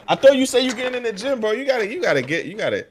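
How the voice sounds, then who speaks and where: A man joking in loose slangy podcast chat, animated and laughing often. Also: very high voice, fast talker, noisy background. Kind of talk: casual chat.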